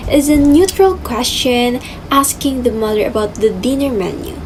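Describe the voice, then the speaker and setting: A young woman student presenting to her class with a slow, careful explanation. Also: high voice, darkish tone, slight background noise, low-quality recording.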